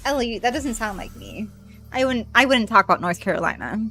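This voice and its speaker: A woman streaming a game and chatting casually with her viewers, excitable and quick to swear, squealing greetings when viewers arrive. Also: fairly high pitch, faint music behind.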